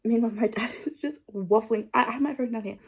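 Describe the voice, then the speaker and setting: A woman's voice: fairly high pitch, fast talker, slightly rough. Chatty young woman vlogging. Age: young adult. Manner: rambling, full of "like" fillers, animated storytelling. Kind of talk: casual chat to camera.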